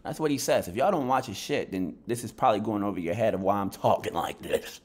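A man with a lowish voice, just woken up, talking straight to camera in a casual vlog. He rants bluntly about boxing gossip and swears freely. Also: fast talker. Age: adult. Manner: heated, blunt rant with profanity. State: just woken up, lower energy. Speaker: YouTube boxing commentator.

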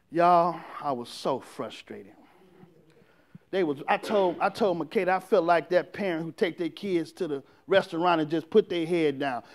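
A man. He works in call-and-response, swinging from quiet talk to full shouts. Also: sits high. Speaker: pastor. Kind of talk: sermon.

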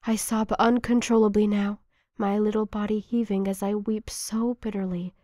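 A woman reading a first-person devotional meditation in a hushed, tearful, emotional way. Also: medium pitch, little pitch movement, normal speed, no room sound, clean studio sound. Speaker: narrator.

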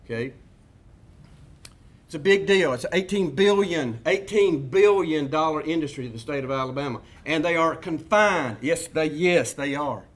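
A veterinarian with a Southern US drawl lectures a room of students in a folksy, joking way. His voice sits a little higher than most men's. He goes off on rambling asides and stumbles through restarts and "uh"s. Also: moderate pace. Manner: jokey, rambling asides, repeats himself, many fillers. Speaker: veterinarian giving a seminar lecture.

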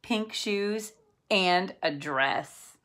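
A woman voicing a bossy, know-it-all older boy in a storybook reading, insistent and flat. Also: medium pitch, extremely slow, pitched above the performer's own voice.

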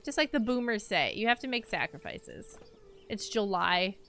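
A young woman streaming a game, chatting casually to her viewers, self-mocking and repeating words in quick loops. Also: medium pitch, big pitch swings, fairly bright tone, faint music behind. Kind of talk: casual gameplay commentary.

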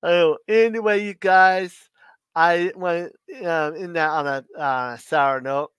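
A man hosting a casual livestream, chatting in a rambling, halting way with many restarts, who says Washington with an R in it. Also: a little high, fairly even intonation, a bit bright, clean tone, no echo. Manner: puts an R in Washington. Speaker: livestream host.

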